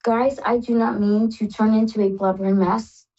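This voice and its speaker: A woman's voice: fairly high pitch, steady tone, normal speed, warm tone, highs cut off. A woman hosting a live call-in psychic reading show, effusive and tearful, calling callers "love".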